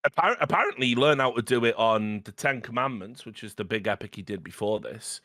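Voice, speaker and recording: Casting note: young male podcast host, animated casual film chat, crisp bright tone, dry sound. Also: medium pitch, brisk, no room sound. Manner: animated, swearing, laughing asides.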